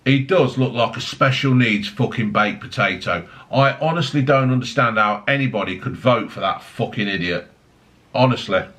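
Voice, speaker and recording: A man's voice: medium pitch, expressive, normal speed, a bit bright. A man ranting angrily on his vlog, swearing heavily, mocking people and piling on tag questions. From United Kingdom. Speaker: vlogger. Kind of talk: angry political rant.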